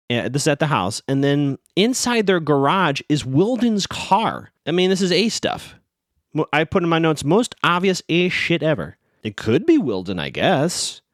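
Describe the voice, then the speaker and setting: A man podcast host rambles through an episode recap, sarcastic and amused. His pitch jumps around a lot, and the sound is dry and close. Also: very animated, normal speed, no echo.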